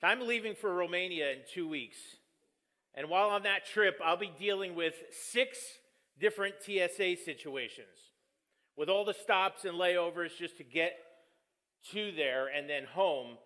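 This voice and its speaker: A man's voice: high-pitched, a little slow, bright, forceful tone. A man preaching a conversational sermon as pastor, telling stories with jokes and poking fun at himself. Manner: joking, storytelling, self-deprecating.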